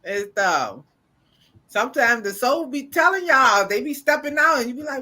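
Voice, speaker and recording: A woman co-hosting a casual spiritual podcast, relaxed and agreeable, adding her own thoughts. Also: high voice, normal speed. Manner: relaxed, agreeable, chiming in with mm-hmms.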